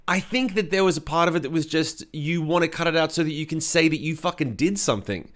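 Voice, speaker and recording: A man co-hosting a podcast, a rock singer telling a studio story in a casual, profane, animated way. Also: fairly high pitch, fast, hardly any pauses.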